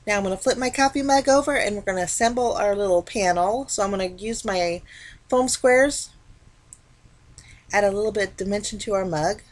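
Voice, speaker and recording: A woman talking casually through a card-making tutorial, explaining each step in a relaxed, chatty way. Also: mid-range voice, normal speed. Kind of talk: casual craft tutorial narration.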